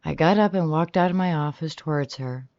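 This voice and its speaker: An audiobook narrator reading a romance novel in the first person, animated and shifting pitch often from line to line. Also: fairly quick, dry recording. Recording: slightly dull, dry recording.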